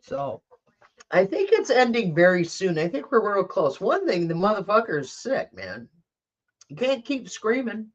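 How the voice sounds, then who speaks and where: A woman's voice: mid-range voice, very animated, measured pace, highs cut off. A woman hosting a tarot channel, chatting casually with blunt, profane, rambling talk and coughing now and then. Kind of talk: casual livestream chat.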